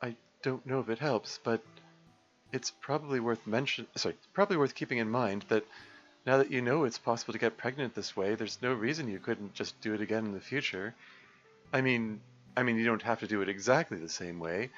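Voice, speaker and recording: A man's voice: medium pitch, a little fast, a bit bright, highs cut off, faint music behind, voice pushed up, natural voice. A man voicing a shy, nervous young woman who speaks in a stammering, hesitant, apologetic way. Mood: tentative.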